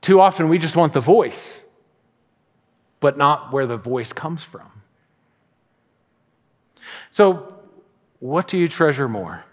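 A middle-aged man preaching a sermon as pastor, telling stories and acting out little asides in an animated way. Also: a little high, slow pace, pauses often. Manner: animated storytelling with acted-out asides. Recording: long reverb of a large hall.

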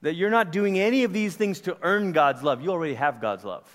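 A man's voice: high voice, brisk. Male preacher, 40s, from Malaysia; easygoing, chatty storytelling delivery in a big reverberant room. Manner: animated, casual storytelling with fillers. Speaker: pastor. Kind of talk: conversational sermon. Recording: long hall reverb.

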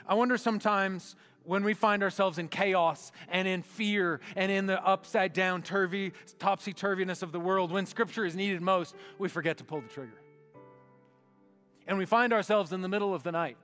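A man preaching a sermon as pastor, reading slowly and meditatively and sinking to a hushed voice, in a church sanctuary. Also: sits high, steady tone. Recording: long hall reverb with faint music.

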